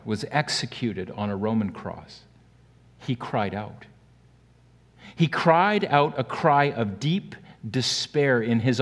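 A man preaching a sermon earnestly, swinging between loud emphatic peaks and quiet, hushed lows. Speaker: pastor. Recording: long hall reverb.

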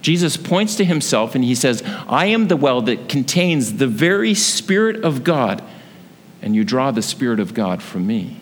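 A man preaching a sermon, telling a vivid story that swells with excitement. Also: medium pitch, moderate pace. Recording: long hall reverb with faint ambience.

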